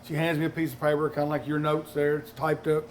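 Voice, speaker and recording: A man's voice: a little high, fast, slight background noise. Storytelling older man with a Kentucky drawl. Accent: Kentucky Southern. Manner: animated anecdotes with acted-out quotes and laughter. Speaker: master distiller panelist. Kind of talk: storytelling on a panel.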